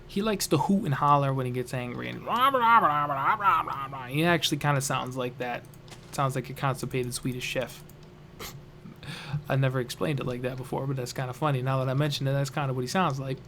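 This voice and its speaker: A man's voice: medium pitch, steady tone, fairly quick, a bit bright, slight background noise. A young man casually telling a funny family story on a vlog, rambling and joking. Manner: rambling, lots of fillers and restarts, jokey.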